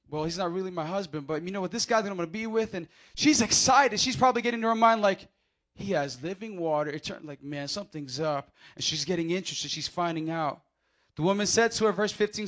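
A male pastor delivers a lively sermon in a high voice. He acts out the people in the story and swings from quiet asides to shouted lines. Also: a little fast. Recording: audio of a live sermon.

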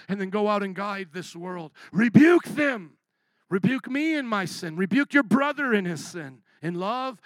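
A male pastor delivers a fervent sermon in a high voice with gravelly fry running through it. He surges to loud declarations and then sinks to quiet asides. The sound is dry and close, with no room around it. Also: no echo. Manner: impassioned, swinging from loud to hushed.

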